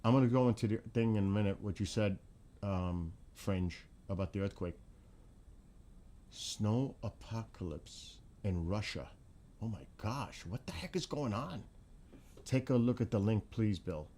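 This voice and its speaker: A man's voice: on the low side, a little slow, dark tone. A man hosting a casual livestream, reading viewer chat and exclaiming in astonishment, often repeating himself.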